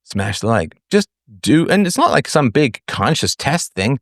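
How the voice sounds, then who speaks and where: A man's voice: medium pitch, measured pace, dry recording, studio quality. A middle-aged man hosting a live call-in talk show, talking casually and acting out quoted voices as he goes. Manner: animated, acts out quoted voices, sings snatches. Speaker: podcast host. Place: online audio space.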